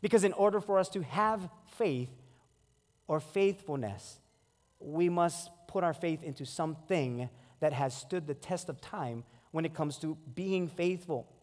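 Pastor, 40s, storytelling sermon, high pitch, reverberant sanctuary. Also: male voice, a little slow. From Hawaii. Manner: storytelling, animated acted-out quotes. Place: church sanctuary. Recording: long hall reverb.

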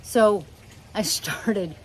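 A woman's voice: mid-range voice, drawn-out words, background noise. A middle-aged woman at home chatting casually about her parrots, rambling and affectionate, sometimes breaking off to talk to her birds. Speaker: parrot owner and channel host. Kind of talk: casual chat to camera.

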